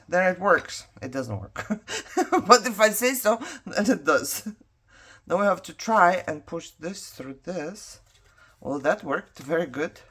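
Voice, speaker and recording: A woman's voice: on the low side, a bit bright. Chatty woman, English not her first language. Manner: rambling, laughs often, talks to herself while working. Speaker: craft vlogger. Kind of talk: chatty storytelling while crafting.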